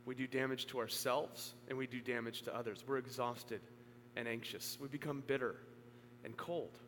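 In a church auditorium, a pastor delivers a sermon with an earnest, mid-pitched voice at normal speed and fairly even intonation. He builds to emphatic peaks, then drops to a hush, his words ringing with long reverb over a faint hum.

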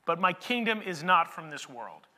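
A man doing a steady, earnest Jesus answers with quiet calm. The voice sits lower than the speaker's own high, bright tone. A long hall reverb trails each phrase. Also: exaggerated voice. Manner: measured, earnest.

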